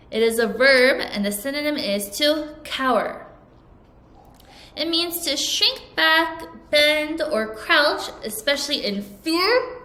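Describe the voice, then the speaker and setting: Slow, clear woman teaching vocabulary. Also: fairly high pitch, fairly bright tone. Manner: slow, clear, over-enunciated teaching delivery with repeat-after-me prompts. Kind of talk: recorded vocabulary lesson for children. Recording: echoey room.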